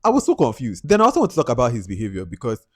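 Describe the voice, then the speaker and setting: A man with a Nigerian accent giving a casual, chatty film review, animated and laughing often. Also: mid-range voice, very fast, husky.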